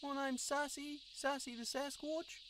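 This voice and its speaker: A man voicing a crude, friendly male sasquatch in a cartoon, with a sweary, excitable manner. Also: very high voice, measured pace, slight background noise. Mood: eager. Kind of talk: cartoon voice acting.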